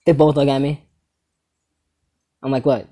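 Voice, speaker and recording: Lively young man telling crude comedy stories. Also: fairly high pitch, moderate pace. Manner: animated, crude and sarcastic, rhetorical asides. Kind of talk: storytelling comedy monologue.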